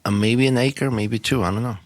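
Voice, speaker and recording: A man's voice: mid-range voice, steady tone, fairly quick, no echo. A man co-hosting a podcast in a casual chat over beers, giving dry, matter-of-fact answers and asking teasing questions. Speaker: podcast co-host.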